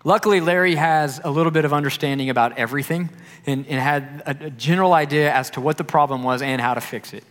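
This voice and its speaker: A young adult man, a youth pastor, preaching a sermon and telling a personal story with animated delivery, acting out the voices of the people he quotes. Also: a little high, quick pace. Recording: long hall reverb.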